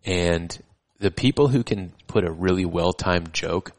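Very deep, gravelly, flat-voiced man. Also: measured pace. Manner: relaxed, earnest, casual swearing. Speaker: podcast host, firefighter. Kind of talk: casual chat.

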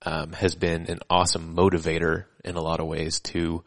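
Very deep, gravelly, flat-voiced man. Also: moderate pace. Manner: relaxed, earnest, casual swearing. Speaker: podcast host, firefighter. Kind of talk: casual chat.

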